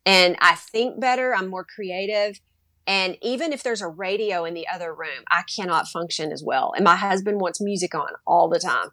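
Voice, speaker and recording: A woman's voice: on the low side, normal speed, no echo, studio quality. A woman, a mother, talking animatedly as a guest in a casual interview and acting out bits of dialogue. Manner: animated, acts out quoted dialogue.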